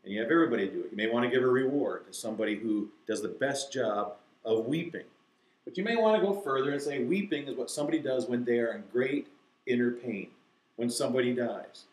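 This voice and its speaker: A man explaining to teachers how to teach a verse to children, acting out slow, deliberate recitation. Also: mid-range voice, animated, echoey room, rough recording. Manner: demonstrates, reciting key phrases slowly and deliberately. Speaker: Bible teacher. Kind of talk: instructional talk to teachers.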